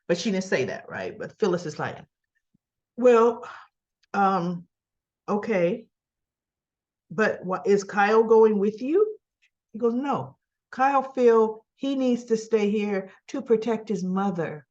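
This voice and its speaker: A woman's voice: mid-range voice, normal speed, darkish tone, lo-fi sound. A woman casually recapping soap opera scenes, retelling them in quoted lines with chatty asides.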